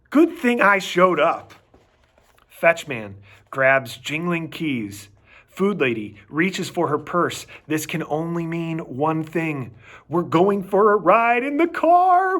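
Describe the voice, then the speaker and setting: A man reading a children's chapter book aloud with animated, expressive storytelling. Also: on the high side. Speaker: reader.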